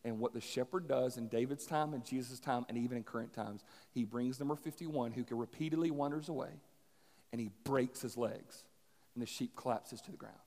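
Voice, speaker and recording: A man preaching a sermon, telling a parable in an animated, dramatic way that swings from loud to hushed. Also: medium pitch, fairly quick, creaky, big-room sound. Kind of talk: sermon storytelling.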